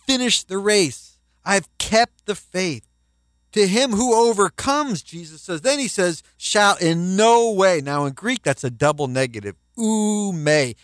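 A man preaching a sermon as a pastor, emphatic and rising in pitch when quoting scripture. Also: animated, measured pace, a bit bright, dry recording.

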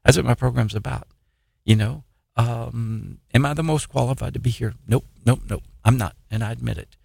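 A man giving an informal sermon on his own program, reading scripture haltingly and pressing listeners with repeated questions. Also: medium pitch, gravelly, darkish tone, breathy edge, no room sound, studio quality. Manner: halting, restarts and "uh" while reading verses, then urgent repeated questions.

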